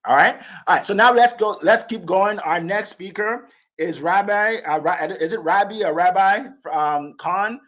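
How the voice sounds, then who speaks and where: Upbeat man hosting a call, slightly high. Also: measured pace, fairly bright tone. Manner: upbeat, hyped, laughing. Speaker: host. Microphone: phone or computer on an audio call.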